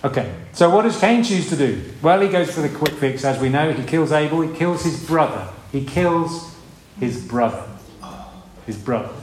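A man's voice: a little high, lively intonation, normal speed, a little hiss or hum. A man preaching a sermon in a conversational way, asking rhetorical questions and acting out voices. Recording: echoey room with faint ambience.

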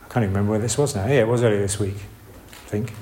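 A man's voice: fairly low pitch, fairly even intonation, fast, mellow, a little hiss or hum. A man giving a casual, rambling sermon. He restarts often and makes asides. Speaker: preacher. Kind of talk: informal sermon.

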